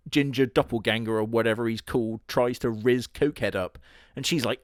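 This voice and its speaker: Man, comedic anime review, sarcastic and crude, deadpan delivery, mid pitch, dry close sound. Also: brisk, dry recording. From Britain.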